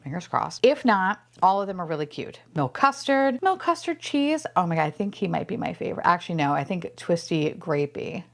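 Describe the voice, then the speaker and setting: A woman's voice: fairly low pitch, fairly quick, vocal fry, few pauses. A woman hosting a casual toy unboxing vlog, gushing over each toy, squealing and swearing often. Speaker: unboxing vlogger.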